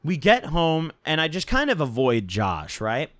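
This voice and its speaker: A man's voice: on the high side, wildly swooping pitch, measured pace, no room sound. A young man casually telling a rambling, profane story from his own life and tagging his sentences with "right?". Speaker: storytime vlogger.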